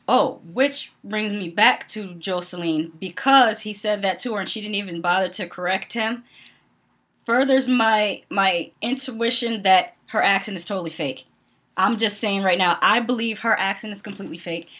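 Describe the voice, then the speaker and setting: A woman's voice: medium pitch, normal speed, fairly bright tone, husky. A young adult woman from the Northeastern US, giving casual commentary on a reality TV show in her vlog. She is blunt and opinionated, laughs often and fills her talk with "um"s. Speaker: vlogger.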